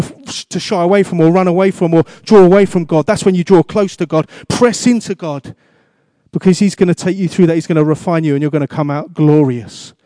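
A man's voice: a little high, warm tone, dry recording, studio quality. A man preaching a sermon as pastor, asking the congregation questions and repeating his exhortations.

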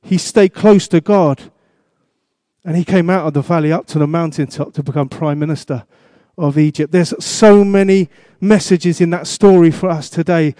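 A man's voice: fairly high pitch, moderate pace, warm tone, dry recording, clean studio sound. A man preaching a sermon as pastor, asking the congregation questions and repeating his exhortations.

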